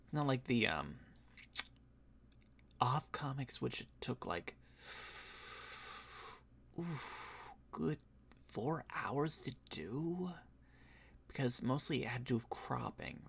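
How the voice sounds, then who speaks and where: A man who voice acts, chatting casually on a stream, rambling with fillers and soft laughs, a bit tired and yawning. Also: medium pitch, expressive, takes it slowly, gravelly, pauses often, slight background noise. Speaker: voice actor and streamer.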